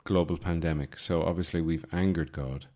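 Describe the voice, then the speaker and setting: An Irish man in his forties, hosting a podcast with a rambling, deadpan comic monologue full of fillers and restarts. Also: sits low, normal speed. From Ireland. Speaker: podcast host.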